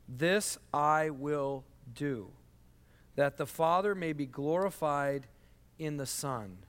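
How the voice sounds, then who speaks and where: A man preaching as a pastor, measured as he reads scripture aloud and explains it plainly. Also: on the high side, fairly bright tone. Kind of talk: sermon. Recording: long church hall reverb.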